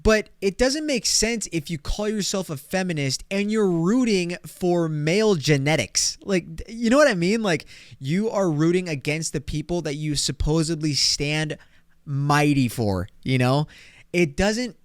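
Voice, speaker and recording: A young man from California hosting a solo podcast, telling stories in a slangy, profane, animated way. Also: fairly high pitch, a little slow, clean tone, no echo, clean studio sound. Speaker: podcast host. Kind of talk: casual solo podcast monologue.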